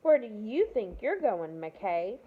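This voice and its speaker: A woman's voice: mid-range voice, very animated, slow pace, a little hiss or hum. A woman reading aloud, voicing a menacing teenage boy who bullies a younger student. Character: teenage male school bully, menacing. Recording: tinny phone-like audio.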